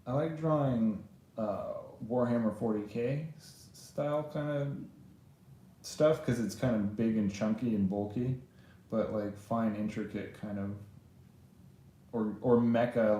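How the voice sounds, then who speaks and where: A man's voice: lowish voice, dark tone. Echoey man chatting while drawing. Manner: rambling, self-deprecating, laughs often. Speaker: drawing streamer. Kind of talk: casual live drawing commentary. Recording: very echoey room.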